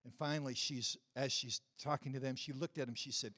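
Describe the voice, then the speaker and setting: A man's voice: mid-range voice, steady tone, brisk, pushed and bright, husky. Man preaching a storytelling sermon. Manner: conversational, self-deprecating, builds to emphatic peaks. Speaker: pastor.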